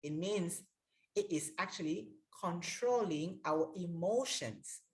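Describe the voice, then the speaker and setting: A woman coach talks slowly and patiently, leading listeners through calming steps. Her voice sits a little low, but her pitch moves up and down a great deal. She sounds like she is teaching and guiding. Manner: slow, guiding, leads breathing exercises. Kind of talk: instructional talk.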